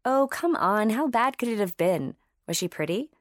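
A woman voicing a playful young woman who teases her best friend on the phone, lively and higher than her narration. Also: normal speed, no echo, natural voice. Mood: teasing. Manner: teasing, bright and lively.

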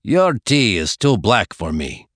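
A man's voice: fairly low pitch, big pitch swings, takes it slowly, fairly bright tone, no echo, studio quality, heavily acted. A man voicing a stern old herdsman in his sixties who talks in a growling, scolding way, in an audiobook. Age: 60s. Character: stern old male grassland herdsman, gruff.

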